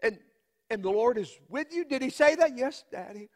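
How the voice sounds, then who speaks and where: A man playing Mary's middle-aged father, telling the story in an earnest, halting first-person monologue. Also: extremely high pitch, expressive, in a large hall. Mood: awed storytelling. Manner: slow, emphatic, with halting repeats and long pauses.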